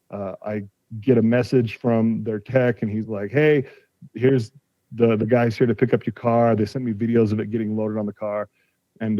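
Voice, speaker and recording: A man's voice: on the low side, no room sound. Guy in his 40s, retelling a car shop feud, quotes everyone, dry kinda dull sound. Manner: retells a dispute, acting out quoted exchanges. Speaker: podcast guest, car collector. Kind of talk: casual storytelling.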